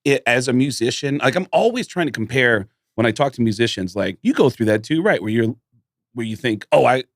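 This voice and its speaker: Animated storytelling man, dry close sound. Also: mid-range voice, fairly quick, no room sound. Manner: animated storyteller who acts out voices. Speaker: guest comedian. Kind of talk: casual storytelling chat.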